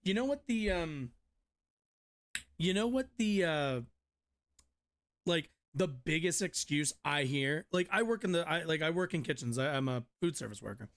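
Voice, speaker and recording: A man's voice: a little high, lively intonation, normal speed. A man streamer ranting in a casual, blunt and profane way, rambling with restarts. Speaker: streamer reading and reacting to a news article. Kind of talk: casual rant commentary.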